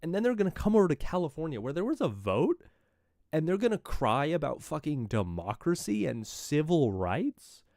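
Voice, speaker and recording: A male live streamer reads political news aloud, then launches into profane, mocking rants. His pitch swings widely from low to high as he talks. The sound is dry and close, with no room echo. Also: big pitch swings, normal speed, gravelly, darkish tone.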